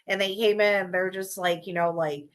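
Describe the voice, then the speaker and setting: A woman's voice: medium pitch, fairly even intonation, moderate pace. A woman hosting a casual podcast, telling stories about growing up in a rambling, chatty way with some swearing. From small town. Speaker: podcast host.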